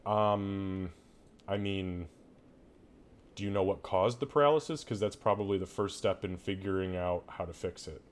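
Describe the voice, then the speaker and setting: A man's voice: low-pitched, steady tone, moderate pace. A man narrating a tabletop game as game master, describing scenes with frequent fillers and hesitations.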